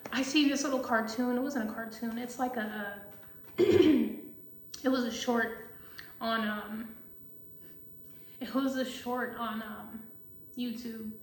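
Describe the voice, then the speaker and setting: A woman giving a blunt, profane, animated monologue as a tarot reader, talking casually. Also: a little high. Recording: echoey room with faint noise.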